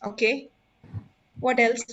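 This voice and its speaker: Lady teaching public speaking, high voice, muffled lo-fi call sound, asks the group stuff. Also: fairly even intonation, slow pace, a bit bright. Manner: emphatic, instructive, asks the audience questions. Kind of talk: online workshop talk.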